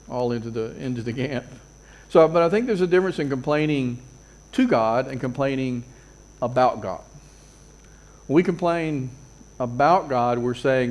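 A man's voice: mid-range voice, a little mellow, low-quality recording. A middle-aged man preaching a conversational sermon, asking rhetorical questions and restarting phrases. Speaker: pastor.

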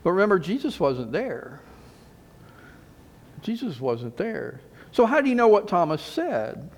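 A man's voice: high-pitched, sing-song, measured pace. A middle-aged man preaching a sermon in a conversational way, repeating phrases and rising for emphasis.

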